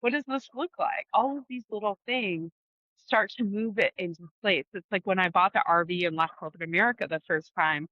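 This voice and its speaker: A woman's voice: medium pitch, a little fast, dry recording, lo-fi sound. Frank, swearing middle-aged woman vlogger. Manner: casual, frank, swears freely. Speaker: host. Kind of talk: candid personal reflection vlog.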